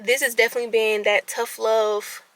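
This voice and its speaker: A woman's voice: a little high, moderate pace, no room sound. A woman in her twenties venting candidly to camera, anxious and stumbling over her words, then rallying herself with tough-love self-talk. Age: 20s. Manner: animated, self-talking, swings between quiet and loud; stutters and restarts when anxious. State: anxious and nervous. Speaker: vlogger.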